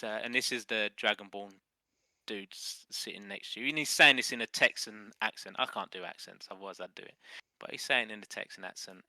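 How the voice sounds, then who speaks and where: A man's voice: fairly low pitch, pushed and bright, no room sound. A man with an English accent running a tabletop game as dungeon master, stammering through restarts and chuckling as he narrates.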